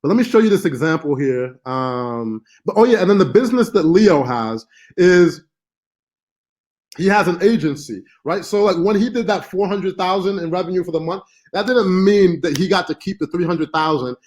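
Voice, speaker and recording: A man's voice: high voice, animated, moderate pace. A man hosting a live-stream marketing class, talking casually with many fillers and asides. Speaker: online marketing course host.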